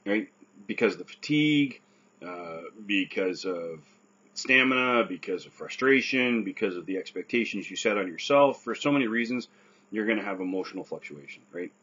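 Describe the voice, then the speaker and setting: A man's voice: lowish voice, animated, moderate pace, a bit bright, slightly rough, highs cut off. A man who survived a stroke gives earnest, casual advice, often checking in with "right?".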